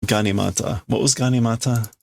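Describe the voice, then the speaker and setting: A man's voice: medium pitch, steady tone, fairly quick, vocal fry. A man casually reading and translating aloud, thinking over word meanings as he goes. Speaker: streamer reading manga aloud.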